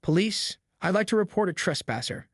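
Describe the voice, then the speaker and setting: A man's voice: high voice, lively intonation, brisk, no echo, studio quality, voice pushed up. A man voicing a cold, accusing neighbor woman. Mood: sharp accusing. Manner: sharp, cold, hissing.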